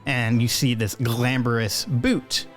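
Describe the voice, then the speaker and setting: A man's voice: mid-range voice, steady tone, slow, a bit bright, faint music behind. A man running a tabletop game, narrating the scene in a casual, hesitant way. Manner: casual and hesitant, with many fillers. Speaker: game master.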